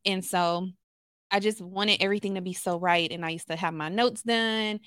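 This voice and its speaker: A Los Angeles therapist appears as a podcast guest, telling candid stories packed with fillers. Her medium-pitched voice is fairly bright and clean with fairly even intonation at a normal speed, recorded dry in a clean studio.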